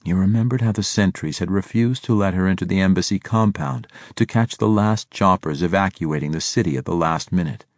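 With a voice that sits low, a male audiobook narrator reads scripted narration in a steady, measured storytelling style. The recording is dry, with clean studio sound.

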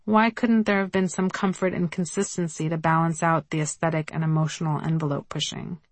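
A woman's voice: sits low, steady tone, fairly quick, dry recording. A woman reading her own memoir aloud in a wry, conversational way. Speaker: memoir narrator.

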